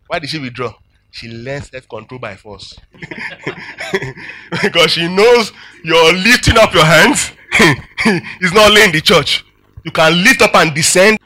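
A man preaching a sermon as a pastor, animated, laughing often and checking in with his listeners. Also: on the high side.

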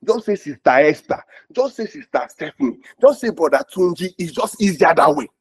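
A man's voice: fairly high pitch, lively intonation, brisk, slightly rough. A man preaching a sermon as pastor, repeating phrases and asking the congregation if they are together. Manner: repetitive call-and-response, asks "are we together?".

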